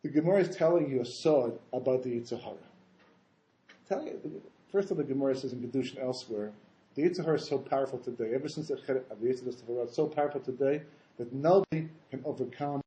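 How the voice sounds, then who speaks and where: Man, rabbi, Torah lecture, animated, rhetorical questions, dark mellow timbre, roomy echo. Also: medium pitch, fast. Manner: animated, acts out voices in quotes, rhetorical questions.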